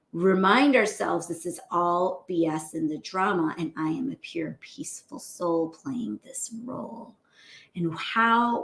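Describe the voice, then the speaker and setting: A woman's voice: lowish voice, creaky, roomy sound. A middle-aged woman doctor giving an earnest, emphatic motivational talk to a group. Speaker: physician coach.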